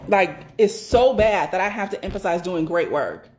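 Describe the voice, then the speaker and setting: A woman's voice: on the low side, darkish tone. A woman giving a casual motivational talk as a doula business mentor, emphatic and repetitive, swearing freely and acting out her own inner thoughts. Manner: emphatic, repeats phrases for stress, swears freely; acts out inner thoughts in quick rushed asides.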